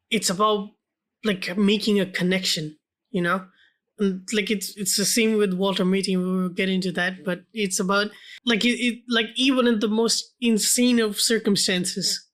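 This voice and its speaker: A man co-hosting a film podcast in casual chat, speaking haltingly and filling his sentences with "like" and restarts. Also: sits high, fairly bright tone. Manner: hesitant, fills speech with "like" and restarts. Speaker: podcast co-host.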